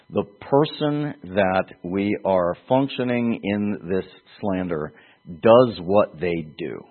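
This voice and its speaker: A man preaching an expository sermon, acting out quoted voices as he teaches. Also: fairly low pitch. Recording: phone-like narrow band.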